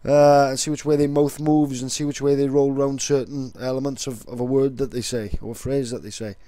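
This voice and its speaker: A man's voice: medium pitch, level tone, brisk, dark tone, no echo. A young man chatting casually and rambling on, swearing now and then. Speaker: vlogger. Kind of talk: casual vlog talk.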